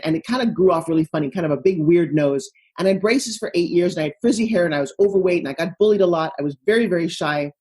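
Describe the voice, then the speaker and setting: A middle-aged woman from Long Island, New York, with a Long Island accent, telling stories as a guest in a casual interview, animated and self-mocking. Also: fairly low pitch, breathy edge. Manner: animated, quick asides and self-mocking humor.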